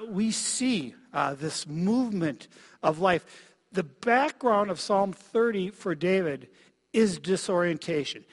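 A middle-aged man from Minnesota preaching a sermon as pastor, reflective and halting, with frequent fillers and soft dips in his voice. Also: sits high. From Minnesota, USA. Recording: long reverb of a large hall.

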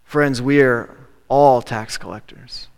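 A man's voice: mid-range voice, fairly even intonation, slow pace, clean tone. A man preaching a sermon as a pastor, in a conversational way that repeats key phrases for emphasis. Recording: long reverb of a large hall.

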